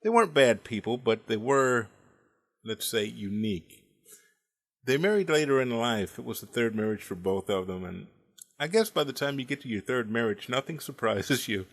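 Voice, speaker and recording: A man in his forties delivers a comedic monologue of family stories, dry and wry, carefully timing his punchlines. His mid-range voice is animated and moves at normal speed.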